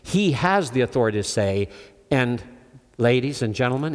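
A man's voice: mid-range voice, expressive, moderate pace. An older man preaching a sermon emphatically, asking his listeners questions and calling on them. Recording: long hall reverb.

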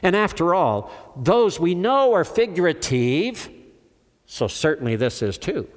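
A man's voice: on the high side, big pitch swings, a little slow. An older man preaching a sermon emphatically, asking his listeners questions and calling on them. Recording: long hall reverb.

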